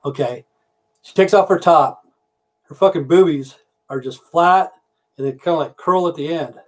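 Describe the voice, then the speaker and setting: A man with a voice pitched a little above most men's rambles through a crude joke on his livestream. He is a trucker who swears constantly and keeps losing the thread as he tells the story. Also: normal speed. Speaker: livestream host.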